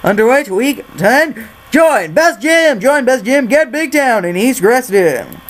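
A gamer putting on a very high, broken-English voice to play a pushy muscle-man gym recruiter. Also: big pitch swings, slow. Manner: broken, salesy, squeaky shouting. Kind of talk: let's-play commentary with put-on voices.

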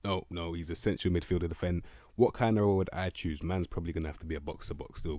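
Young guy ranting about his game, real low voice, dry close sound, lots of slang and swearing. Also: dry recording. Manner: excitable, rambling slang, frequent swearing and stumbling restarts. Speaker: gaming video creator. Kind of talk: casual game commentary.

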